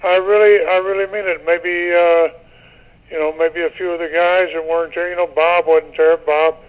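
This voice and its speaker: A man's voice: a little high, level tone, normal speed, phone-quality sound. An older man, a radio interview guest, talking in a rambling casual way and often repeating himself.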